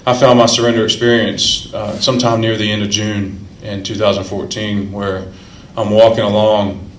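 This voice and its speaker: A man tells his own recovery story to a meeting, earnest and emotional, circling back on phrases to drive them home. His voice sits a little low. The hall around him rings with echo and a faint hum. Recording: echoey room.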